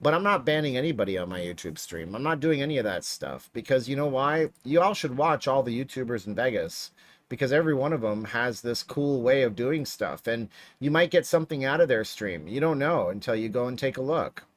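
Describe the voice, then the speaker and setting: A medium-pitched man hosts a casual livestream from his home streaming room, talking fairly quickly. He rambles, jokes, and stays animated while playing slots, and the audio has no echo.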